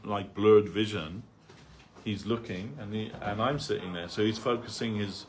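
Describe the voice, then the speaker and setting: A man speaks in a fairly low voice, telling stories and explaining a reading in a loose, meandering way. His talk is stacked with "like" and "you know". A faint hiss sits behind him. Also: fairly even intonation, normal speed. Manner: rambling, full of "like" and "you know". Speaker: devotee speaker. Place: temple hall.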